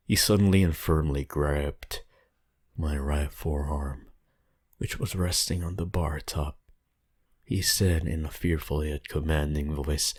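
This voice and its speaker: Very deep-voiced man reading horror slowly. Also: steady tone, darkish tone, breathy edge. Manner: slow, measured, somber reading. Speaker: horror story narrator. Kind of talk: scripted narration.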